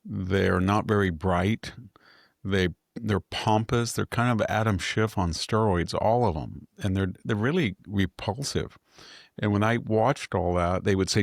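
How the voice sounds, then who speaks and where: An older man talks through politics in a casual, opinionated way, often restarting his sentences. His voice is low and gravelly. The sound is dry and close. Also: moderate pace, no echo. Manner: rambling, opinionated, frequent restarts. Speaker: podcast host.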